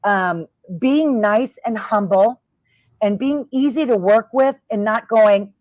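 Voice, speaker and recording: Talkative, expressive woman guest. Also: on the high side, takes it slowly, no room sound. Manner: talkative, expressive storyteller acting out quotes. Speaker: interview guest, former wrestler. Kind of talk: casual interview chat.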